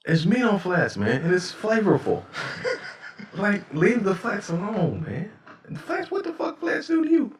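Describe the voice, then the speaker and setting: A man in his thirties co-hosting a podcast, loud and profane, laughing often. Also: high-pitched, sing-song, measured pace, slight background noise. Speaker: podcast co-host. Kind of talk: casual chat. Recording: echoey room, mic at a distance.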